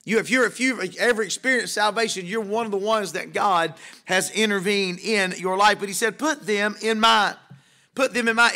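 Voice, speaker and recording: A man's voice: sits high, pushed and bright. A male pastor preaching an evening sermon in a church, emphatic, asking rhetorical questions and repeating key phrases. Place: church sanctuary.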